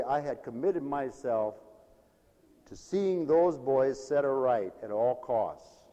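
A man preaching a sermon with fervor, swinging from loud cries to hushed storytelling. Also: sits high. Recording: reverberant hall.

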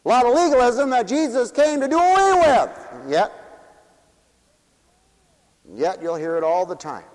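A man delivers a dramatic sermon in a high voice, firing rhetorical questions at his listeners. He swings between forceful, rising lines and hushed, low replies. The sound carries a long reverb, as in a large hall. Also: sing-song, normal speed. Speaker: preacher. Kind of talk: sermon to a congregation, also broadcast on radio.

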